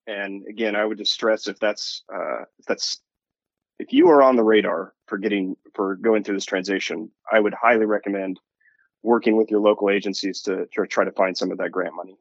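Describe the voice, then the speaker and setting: A man's voice: on the low side, steady tone, brisk, vocal fry, no room sound, lo-fi sound. A man speaking as an industry analyst in a radio interview, talking loosely with frequent restarts. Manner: rambling, restarts often. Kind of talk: interview answer.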